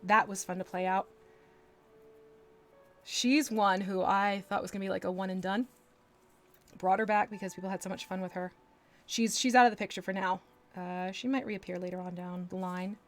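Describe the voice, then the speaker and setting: A woman chatting casually on a live stream while she paints miniatures, rambling and correcting herself as she goes. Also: medium pitch.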